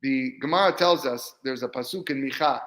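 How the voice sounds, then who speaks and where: A man, a rabbi, teaching a weekly Torah class in a lively way, acting out bits of dialogue and often repeating words. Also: mid-range voice, brisk, echoey room, low-quality recording. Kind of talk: Torah lesson.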